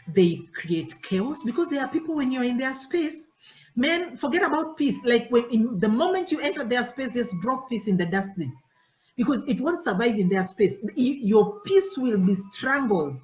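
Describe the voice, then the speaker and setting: A woman's voice: fairly high pitch, normal speed, reverberant, low-quality recording. A woman, a pastor's wife giving an informal church teaching to her worship team and acting out conversations in different voices. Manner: animated, acts out dialogues in changing voices.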